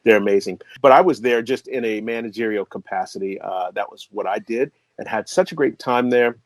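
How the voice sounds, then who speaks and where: A middle-aged man from the American Midwest, a composer and voice artist telling a story as an interview guest, excitable and laughing often. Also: a little fast, no echo. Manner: excitable, laughs often, jumps to high pitch when excited. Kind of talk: animated storytelling in conversation.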